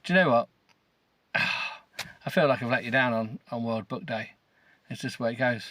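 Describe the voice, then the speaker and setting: A man's voice: medium pitch, fast, fairly bright tone, no echo. A middle-aged man hosting a podcast, reading a novel aloud with sarcasm, swearing and stumbling over words. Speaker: podcast host. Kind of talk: mocking comedic reading of a novel.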